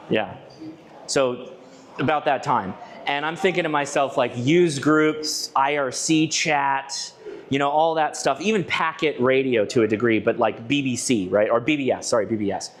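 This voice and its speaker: A man's voice: medium pitch, a little hiss or hum. A man from Southern California giving a conversational presentation at a club, telling stories with frequent restarts and asides to the audience. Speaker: ham radio channel presenter giving a club talk. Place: club meeting room with a live audience.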